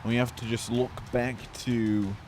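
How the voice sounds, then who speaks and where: A man's voice: medium pitch, flat delivery, unhurried, a little mellow, slight background noise. A male commentator with a middle-range voice calls the action in a casual, joking way. He takes his time, drifting into offhand quips between the plays.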